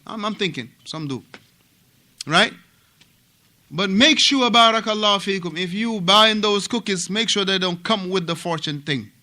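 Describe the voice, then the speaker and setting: A man from Africa leads a class in a mosque with a high, very bright voice. He lectures in an animated way, repeating himself and checking on his students with quick questions. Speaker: mosque teacher.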